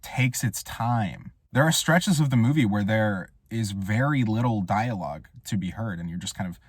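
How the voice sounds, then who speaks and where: Casting: male reviewer, low-ish voice, wry deadpan rambler, dry booth sound. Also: normal speed, breathy edge, dry recording. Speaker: film reviewer. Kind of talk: casual monologue review. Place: Portland area.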